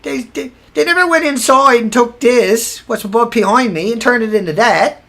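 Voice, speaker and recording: A man's voice: very high voice, moderate pace, pushed and bright. A man hosting a livestream, tired and angry, ranting sarcastically with swearing, repeating himself and restarting sentences. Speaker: livestream host.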